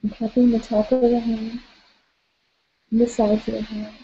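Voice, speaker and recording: A woman leading a guided tapping session, calling out tapping points and gently coaching listeners through spoken affirmations. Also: fairly high pitch, little pitch movement, moderate pace, breathy edge, muffled recording.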